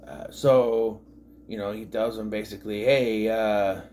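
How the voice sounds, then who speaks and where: A man's voice: on the low side, little pitch movement, moderate pace, warm tone, slight background noise. A man in his thirties giving a casual episode recap, rambling and sarcastic, full of fillers and asides. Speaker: TV show reviewer.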